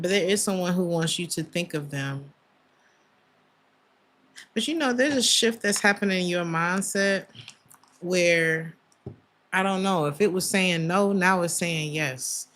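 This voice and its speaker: Low-pitched woman, warm chatty tarot reading, emotional asides. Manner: emotional, chatty, many fillers and laughs. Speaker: tarot reader.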